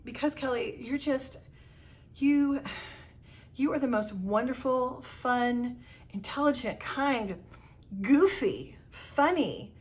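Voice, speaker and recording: Earnest male coworker, gushing insistent delivery, high and animated, quoted by a woman storyteller. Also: takes it slowly, long pauses.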